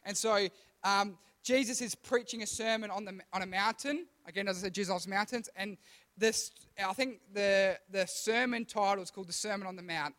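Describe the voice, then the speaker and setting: A young man with a high-pitched voice preaches a relaxed kids' sermon. He talks in a chatty, self-deprecating way, stumbles and restarts often, and keeps asking his young listeners questions. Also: moderate pace. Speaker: youth pastor. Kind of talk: casual sermon to kids.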